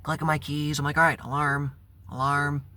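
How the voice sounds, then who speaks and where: A man's voice: a little high, level tone, normal speed, pushed and bright. A man telling a personal story in a casual, rambling vlog, swearing and breaking into bursts of exasperation. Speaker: spiritual vlogger.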